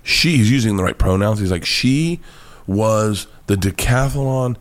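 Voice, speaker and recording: A man with an American accent, a comedian guest telling animated, profane stories in an interview and acting out quoted voices. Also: fairly low pitch, unhurried. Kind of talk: storytelling interview chat.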